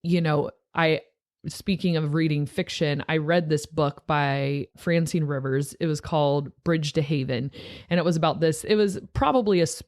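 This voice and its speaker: A woman's voice: low-pitched, fairly even intonation, normal speed, a little mellow. Chatty, earnest woman youth pastor. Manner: chatty, earnest, many "like" fillers. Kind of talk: casual podcast talk.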